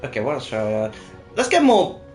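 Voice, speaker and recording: A man's voice: medium pitch, wildly swooping pitch, fairly quick, darkish tone. Chatty man talking over gameplay, roomy echo. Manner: chatty, thinks aloud with many fillers. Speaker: co-host playing the game. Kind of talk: casual gaming chat. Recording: roomy echo with faint music.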